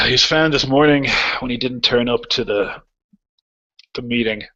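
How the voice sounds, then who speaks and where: A man voicing a gruff chieftain, Ostvig. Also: medium pitch, measured pace, pushed and bright. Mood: weary. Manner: coarse, curses bluntly. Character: gruff hungover chieftain, grieving father. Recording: lo-fi, dull recording.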